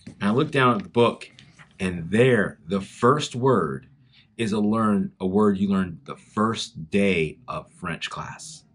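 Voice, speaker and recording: A man with a Southern US accent, from South Carolina, giving a chapel talk to schoolchildren and telling a story in an animated way straight to the kids. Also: fairly low pitch, takes it slowly, breathy edge. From South Carolina, USA. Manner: animated storytelling, speaks directly to children.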